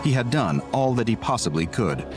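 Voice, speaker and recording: A man narrating a scripted dark story in a measured, building storyteller's manner. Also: mid-range voice, big pitch swings. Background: music.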